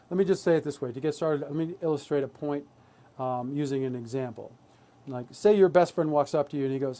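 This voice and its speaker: A man's voice: mid-range voice, dark tone. An adult man presenting a live workshop, talking earnestly and often checking in with "right?". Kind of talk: live online workshop talk.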